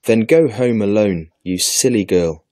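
An angry, scornful boy, read by a man. The voice is low and dark, and the recording is dry and close. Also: unhurried, dry recording, close to an everyday voice.

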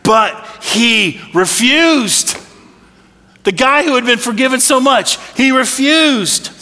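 Male pastor, high and bright, conversational preaching with rhetorical asides, long church reverb. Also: expressive, slow. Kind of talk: sermon. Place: church sanctuary.

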